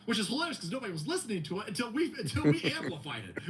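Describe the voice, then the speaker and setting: A man's voice: high-pitched, very fast, few pauses, crowd noise. A male host doing a mocking, profane comedic rant on a livestream. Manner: mocking, heavy swearing, animated.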